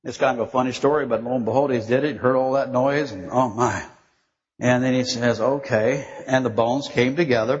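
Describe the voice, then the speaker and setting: A man's voice: mid-range voice, slightly rough. Older man preaching in an echoing hall. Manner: chatty, acts out voices in stories, laughs often. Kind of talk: informal sermon. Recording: dull recording with long hall reverb.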